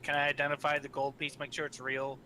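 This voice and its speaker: A man plays a tabletop game, trading dry, teasing jokes with the table. His voice is bright and forceful, over faint background noise. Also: a little high, monotone, quick pace. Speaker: player.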